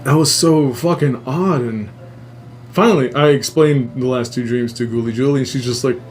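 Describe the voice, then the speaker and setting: A man hosting a live stream, casually retelling a story in a rambling, animated way and swearing a lot. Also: medium pitch, moderate pace, soft background music. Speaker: livestream host.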